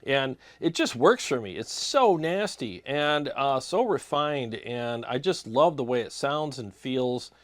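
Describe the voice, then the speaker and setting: Man host answering comments, loose and rambling, dry close recording, mid pitch. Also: animated, a little slow, few pauses, fairly bright tone, no room sound. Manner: casual, rambling, with many fillers and restarts. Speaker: guitar gear channel host. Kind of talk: casual chat answering viewer comments.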